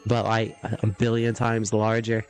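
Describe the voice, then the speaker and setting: A man streaming a video game, rambling and joking in casual live chat, chuckling and clearing his throat often. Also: on the low side, monotone, normal speed, darkish tone, soft background music.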